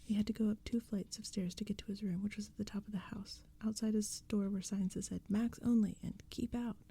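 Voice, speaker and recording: Woman ASMR reader, whispered role-play storybook narration, very mellow and breathy tone. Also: medium pitch, little pitch movement, quick pace. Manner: soft, mostly unvoiced whisper reading.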